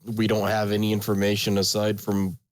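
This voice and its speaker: A man's voice: lowish voice, completely flat delivery, a little fast, dry recording. A man co-hosting an anime review chat, dry and understated, often hesitating mid-sentence. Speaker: podcast co-host.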